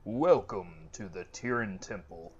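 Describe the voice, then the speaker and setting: A man's voice: lowish voice, lively intonation, a little slow, darkish tone. A man doing a formal gracious temple priest. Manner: archaic formal storytelling delivery. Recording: lo-fi with game music behind.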